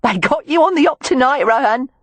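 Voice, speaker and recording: An audiobook narrator voicing a drunken, teasing Cockney woman of the streets, calling out loudly. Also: high voice, animated, brisk, no room sound, voice pushed up. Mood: mocking. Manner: loud, cackling, teasing.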